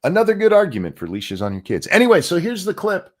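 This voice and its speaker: A man's voice: sits high, huge pitch swings, fast talker. Guy ranting on his podcast, swears a lot, voice jumps all over the place. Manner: profane, exasperated storytelling. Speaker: podcast host. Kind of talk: casual ranting commentary.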